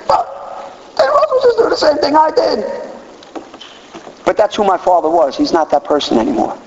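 A man's voice: high voice, huge pitch swings, moderate pace, pauses often, highs cut off. Middle-aged male speaker, emphatic and repetitive, recovery share, faint noise in a reverberant hall. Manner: emphatic, repeats key phrases. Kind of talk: personal recovery testimony.

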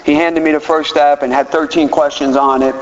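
A man with a fairly high voice tells his recovery story to a meeting. He talks with animated energy and doubles back on his words, and his voice rings through a long hall echo. The recording sounds dull and lo-fi, with faint noise underneath. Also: brisk.

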